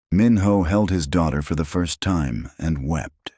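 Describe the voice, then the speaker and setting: A man narrating a dramatic story in a steady, scripted way. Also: deep voice, unhurried, few pauses, husky, no room sound, studio quality.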